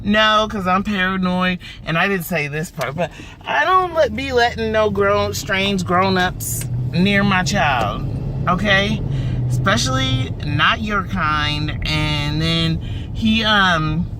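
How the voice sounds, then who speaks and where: A man casually telling a story to his viewers, animated and profane, with slangy asides. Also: a little high, noisy background. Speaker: vlogger.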